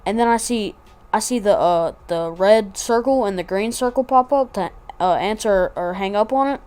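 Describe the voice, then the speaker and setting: A woman's voice: medium pitch, moderate pace, darkish tone. A woman vlogger telling a casual story, rambling and slangy with lots of asides.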